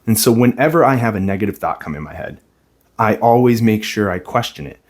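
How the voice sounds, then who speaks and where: A man's voice: on the low side, animated, a little fast, a little mellow. A young man, a stay-at-home dad, talking earnestly and plainly to camera about his own life. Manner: earnest, reflective, plain-spoken. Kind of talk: personal talk to camera.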